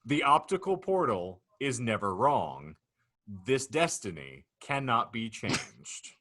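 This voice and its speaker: Male podcast co-host, mid-pitch, animated intonation, playful grandiose reader. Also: slow pace. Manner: playful, mock-grandiose phrasing. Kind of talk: reading a hypothetical scenario aloud.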